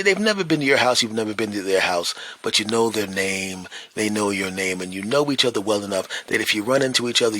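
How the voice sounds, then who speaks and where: A man's voice: fairly low pitch, pushed and bright. A man, a stand-up comedian hosting a podcast, telling a casual story and checking in with "right?" and "you know.".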